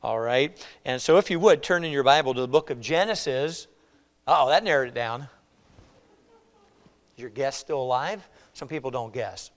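A man preaching a sermon as a pastor, conversational, often checking in with "all right?" and moving between loud emphasis and quiet asides. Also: mid-range voice, normal speed, long pauses. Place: church.

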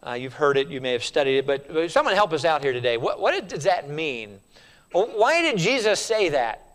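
A man's voice: a little high, sing-song, fairly quick, a bit bright. A man preaching a sermon, emphatic and repetitive, putting questions to his congregation.

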